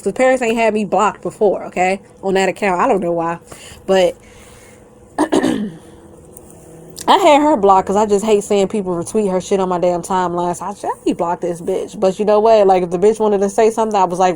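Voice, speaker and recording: A woman's voice: mid-range voice, moderate pace, a little mellow. Defiant woman ranting to camera, swearing freely. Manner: blunt and defiant, swears constantly, breaks into laughter; rambling and conversational, addresses viewers directly. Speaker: YouTuber. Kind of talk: profane rant to camera.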